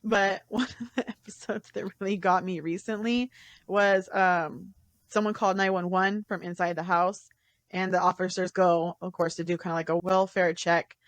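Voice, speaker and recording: A woman's voice: fairly low pitch, steady tone, moderate pace, no room sound. A woman co-hosting a casual podcast, chatty, laughing often as she retells scenes from shows. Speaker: podcast co-host reviewing TV shows.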